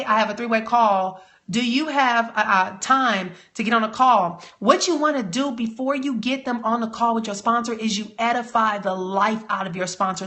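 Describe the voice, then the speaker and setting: A woman coaching network marketers in a live training talk, energetic and emphatic, rallying her audience. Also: a little high.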